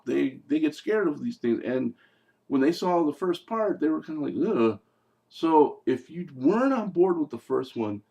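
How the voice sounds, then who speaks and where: A man's voice: on the low side, gravelly, darkish tone. A man giving a casual, rambling movie review in a blunt, profane way, full of fillers and restarts.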